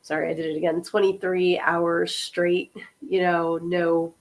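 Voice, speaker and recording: A podcast host and author in her fifties chats casually with her livestream audience, greeting people by name. Her slightly low voice is level and measured but hoarse and sniffly from a lingering cold, and she apologizes for how she sounds.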